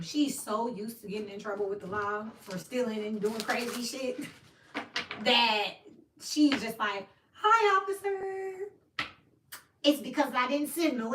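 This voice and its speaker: A woman giving a casual tarot reading, animated and swearing, acting out little scenes as she talks. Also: fairly high pitch. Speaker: tarot reader. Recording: echoey room, mic at a distance, noisy.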